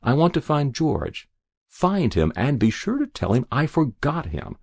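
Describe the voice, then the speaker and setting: A man reading aloud, voicing a sharp-tongued, stubborn old woman on her deathbed. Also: medium pitch, huge pitch swings, a little slow, vocal fry, slightly rough, dry recording, voice pushed up, exaggerated voice. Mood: pleading. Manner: querulous, scolding. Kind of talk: audiobook reading.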